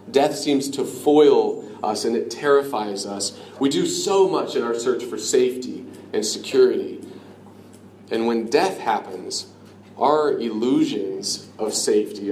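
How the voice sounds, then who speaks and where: A man preaching a sermon in an earnest, conversational way, dropping to a hush on key lines. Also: medium pitch. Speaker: pastor. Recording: echoey room with faint ambient noise.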